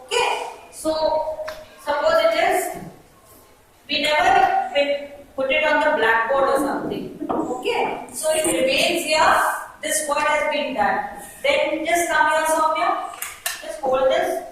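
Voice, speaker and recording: A woman with an Indian English accent training student teachers, giving brisk directions and often checking that they follow. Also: high-pitched, a bit bright. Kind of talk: classroom instruction. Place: classroom. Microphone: far camera mic. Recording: echoey classroom from far off, faint noise.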